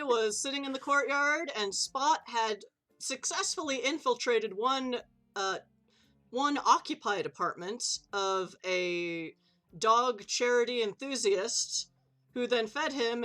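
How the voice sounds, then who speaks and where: A woman's voice: a little high, bright, forceful tone. A woman running a tabletop game on a live stream, chatty and loose, swearing casually and laughing easily. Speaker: game master.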